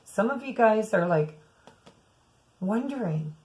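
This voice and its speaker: A woman's voice: mid-range voice, lively intonation, slow, darkish tone, rough recording. A woman giving a weekly tarot reading, musing aloud and speaking to her viewers as "some of you.". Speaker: tarot reader.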